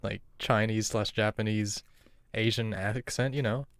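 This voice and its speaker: A man with a fairly low voice co-hosts a podcast, bantering and teasing in casual chat. The sound is dry and close, with no room around it. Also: fairly even intonation, measured pace, fairly bright tone, no echo. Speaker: podcast co-host.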